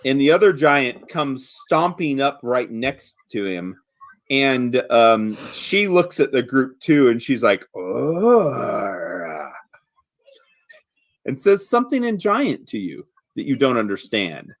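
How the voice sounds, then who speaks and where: A man narrating a tabletop game as game master, relaxed, with many fillers. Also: mid-range voice, unhurried.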